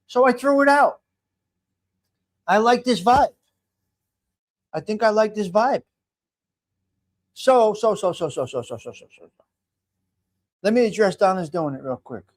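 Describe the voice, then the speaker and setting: This is a man in his fifties doing an informal home live stream, welcoming viewers by name and rambling through restarted sentences. His voice sits high and is expressive, a little slow, with long pauses.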